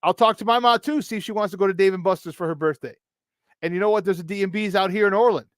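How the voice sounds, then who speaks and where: A man hosting morning sports talk, speaking in a slightly high voice with animated, laugh-filled storytelling. The sound is close and dry, as if from a studio mic. He chats in a loose, easy way. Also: fast talker, no room sound. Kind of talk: casual radio chat.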